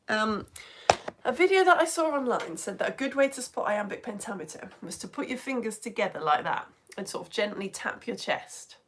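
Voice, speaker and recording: A woman's voice: mid-range voice, fairly bright tone. Playful woman teaching a live lesson. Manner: chatty, playful, taps out rhythms aloud. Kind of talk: live online lesson for all ages.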